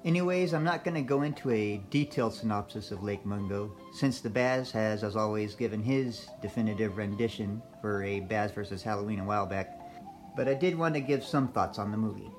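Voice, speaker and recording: A man reading out his own film review for a podcast, in a measured, scripted way with dry asides. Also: lowish voice, soft background music. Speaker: listener sending in an audio review.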